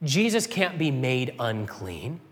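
A man preaching a sermon to a congregation, animated, swinging from loud declarations to hushed lines. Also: medium pitch, slow pace. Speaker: pastor. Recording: long hall reverb.

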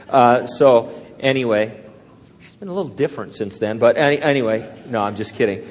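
Older pastor preaching in a reverberant hall. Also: male voice, medium pitch, lively intonation, brisk. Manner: rambling, anecdotal, self-deprecating humor. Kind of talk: sermon.

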